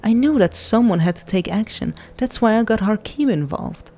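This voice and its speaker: A woman's voice: lowish voice, a little slow, dark tone. A woman voicing a frightened young woman, haunted and pleading, read from a game. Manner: fearful, pleading.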